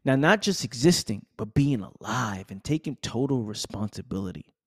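A man's voice: mid-range voice, animated, moderate pace, breathy edge, dry recording. Passionate guy ranting motivation on his podcast, slangy, repeats himself, dry close sound. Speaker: podcast host. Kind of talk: motivational monologue.

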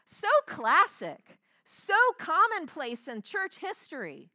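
A woman's voice: high voice, sing-song, normal speed, hardly any pauses, bright, forceful tone, no room sound, clean studio sound. A woman pastor preaching a sermon, telling the story dramatically and acting out the quotes.

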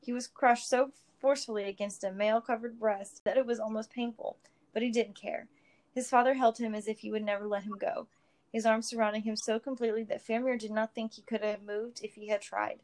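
A woman narrating a story in a steady, expressive reading voice. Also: on the high side, a little fast, poor audio. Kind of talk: audiobook reading of fan fiction.

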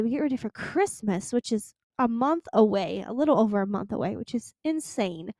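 A woman's voice: fairly high pitch, expressive, a little mellow, no echo. Chatty young woman podcaster, dry sound. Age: 20s. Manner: chatty, emphatic, slows down to stress points. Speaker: podcast host. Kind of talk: casual solo podcast chat.

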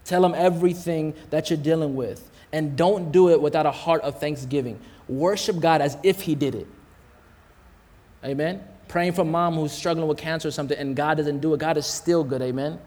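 A man's voice: on the high side, normal speed, a little mellow. A man preaching a sermon in a casual, slangy way, calling out to the congregation, hot and sweating as he talks. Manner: casual, slangy preaching with call-outs to the crowd. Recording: long hall reverb.

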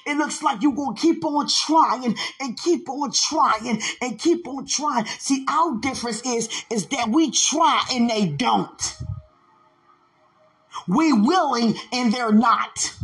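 A woman's voice: sits high, animated, takes it slowly, breathy edge. A woman preaching a sermon, repeating phrases and building into impassioned pleading. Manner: repetitive, rising into impassioned pleading.

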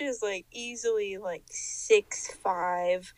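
A young woman co-hosting a podcast, telling a story in casual chat. She is animated, laughs often and mimics the people in it. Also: fairly high pitch, a little slow, few pauses, no echo, poor audio. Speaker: podcast co-host.

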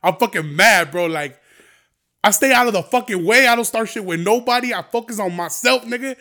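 A young man delivers a heated solo podcast rant with a high voice. He curses constantly and swings between low, muttered asides and loud, fired-up outbursts. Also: brisk. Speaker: podcast host. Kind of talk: ranting podcast monologue.

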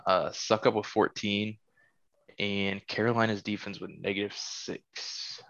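A man's voice: on the low side, level tone, measured pace, creaky, a bit bright, dry recording, lo-fi sound. A man hosting a casual podcast, reading off fantasy football scores and teasing his friends. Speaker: podcast host.

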